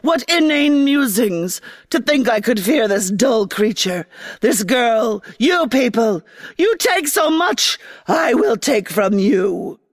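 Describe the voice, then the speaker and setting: A woman voicing a furious female grass spirit queen, shouting in a brassy, booming voice with whip-crack syllables. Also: lively intonation, takes it slowly, full character voice. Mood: raging.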